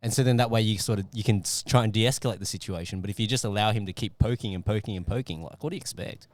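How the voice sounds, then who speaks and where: Male podcast host, casual, rambling, fairly low voice. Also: very fast. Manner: casual, thinks aloud with many fillers. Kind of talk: casual interview chat.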